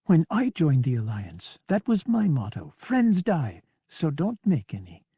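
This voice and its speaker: A young woman pilot, worried and angry at once, pleading and insisting, as a male audiobook reader voices her. The lifted voice swings widely and sounds a little husky. The recording is dry and dull. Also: on the high side, wildly swooping pitch, unhurried, no room sound, heavily acted.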